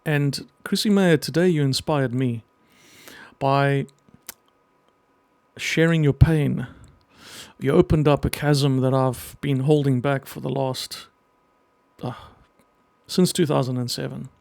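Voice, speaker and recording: A middle-aged man speaking earnestly and emotionally in a personal message to camera, pausing often as he talks. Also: mid-range voice, fairly even intonation, vocal fry, darkish tone, no room sound. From half Greek. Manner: earnest, halting, emotional, with pauses. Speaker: vlogger and children's book writer.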